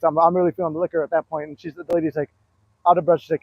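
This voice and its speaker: This manifestation coach's voice is on the high side and flat, fast yet broken by long pauses, with no room sound. Out of breath as he walks, he rambles through stories with lots of fillers in a casual live talk, heard in dry, tinny, phone-like audio.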